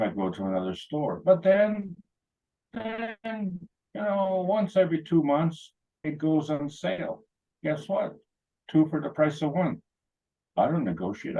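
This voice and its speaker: A man's voice: fairly high pitch, unhurried, pauses often, warm tone, breathy edge, muffled recording. A man telling rambling, anecdotal stories at a meeting, with many fillers and restarts. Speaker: meeting speaker. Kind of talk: casual talk.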